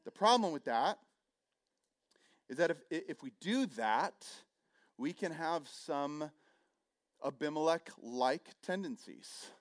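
A middle-aged man preaching a sermon, telling the story with animated energy, acting out voices and joking at his own expense. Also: fairly high pitch, slow, long pauses. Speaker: pastor.

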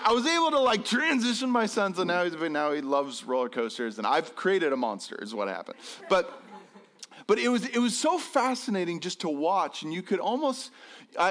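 A man telling a comic personal story to an audience in an animated, self-deprecating way, acting out the dialogue in voices. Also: high voice, moderate pace.

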